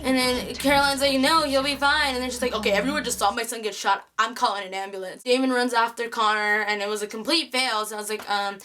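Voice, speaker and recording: A young woman chatting excitedly through a TV episode recap, acting out the characters' lines. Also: on the high side, fast, hardly any pauses. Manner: chatty, excitable, acts out quotes. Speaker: TV recap vlogger.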